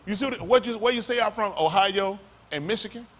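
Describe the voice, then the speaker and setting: A male pastor preaching loudly and quizzing his congregation, asking questions and calling on listeners. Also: high voice, fairly quick. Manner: loud, rhetorical, questions the congregation. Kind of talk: sermon with audience back-and-forth. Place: congregation hall.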